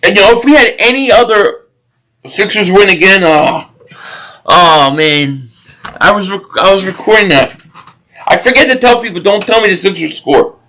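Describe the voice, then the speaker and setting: Man, high voice, rambling live-stream chat, restarts sentences, reacts to plays. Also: animated, normal speed, pushed and bright, rough recording. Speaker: live stream watch party host. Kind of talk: casual live-stream chat reading viewer comments.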